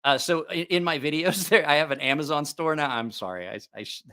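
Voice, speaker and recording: A man's voice: a little high, a little fast, bright, forceful tone. A man hosting a casual livestream about knives, joking, teasing viewers and laughing often. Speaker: knife channel host.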